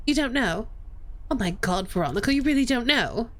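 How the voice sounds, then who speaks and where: A woman voicing a distraught young woman who shouts tearful accusations. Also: fairly high pitch, lively intonation, a little fast, close to an everyday voice.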